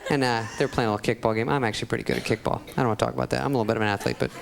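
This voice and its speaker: A man's voice: mid-range voice, steady tone, very fast, creaky, crowd noise. A man telling a sarcastic, self-deprecating stand-up story before a live audience. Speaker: stand-up comedian. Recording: loud audience laughter and noise.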